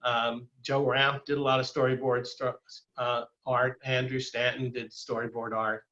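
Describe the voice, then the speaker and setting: A man's voice: medium pitch, flat delivery, a little slow, pushed and bright, lo-fi sound. An older man giving a casual illustrated talk as a guest speaker, rambling with many fillers and restarts. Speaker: guest speaker, former animator.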